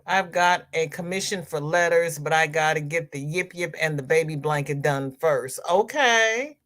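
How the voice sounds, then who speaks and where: A woman's voice: sits low, normal speed, fairly bright tone. A woman hosting a crochet livestream, chatting casually as she reads viewer comments aloud and answers them.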